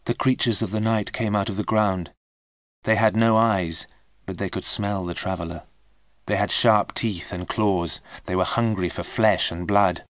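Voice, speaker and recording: Low-voiced man reading a storybook. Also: dry recording, studio quality. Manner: clear, measured reading for learners. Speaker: audiobook narrator. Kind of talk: scripted storybook narration.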